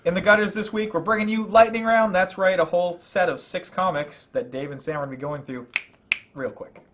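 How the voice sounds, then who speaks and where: A man's voice: high-pitched, steady tone, fairly quick, a bit bright. A young man co-hosting a casual podcast, with wry, dry humor. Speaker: co-host. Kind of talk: casual chat.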